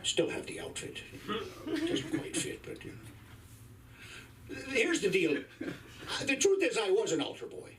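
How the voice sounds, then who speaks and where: Man, 50s, profane stand-up comic, lively delivery, faint club noise behind. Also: very high-pitched, a little slow, pauses often, recorded from a distance. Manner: crude, profane, wry storytelling. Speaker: stand-up comedian. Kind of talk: stand-up comedy set. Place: comedy club stage, live.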